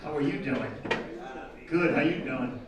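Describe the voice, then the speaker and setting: At a live show, a man with a medium-pitched voice does crude, brash stand-up at a slightly slow pace, ribbing the audience. Crowd chatter and laughter fill the background of the echoey, distant-mic recording.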